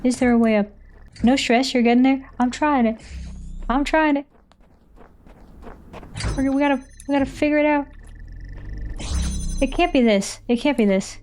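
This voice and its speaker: A woman's voice: high-pitched, normal speed, pauses often, a little mellow, soft background music. A young woman streaming a puzzle game, thinking aloud in a rambling, jokey way and chatting with her viewers, sounding tired and foggy. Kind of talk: casual live-stream chat while gaming.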